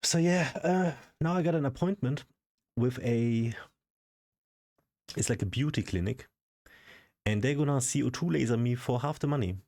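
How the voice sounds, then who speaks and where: A man's voice: mid-range voice, moderate pace, long pauses, mellow. A man vlogging in a casual, frustrated rant full of swearing. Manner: frustrated, profane ranting. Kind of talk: casual ranting vlog.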